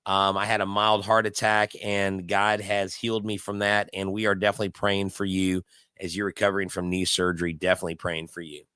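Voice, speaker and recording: A man's voice: sits low, little pitch movement, a little fast, bright, forceful tone, clean tone, no echo. A man hosting a casual live baseball watch-along, telling stories in a rambling way full of fillers and restarts. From Houston area. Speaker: live stream host.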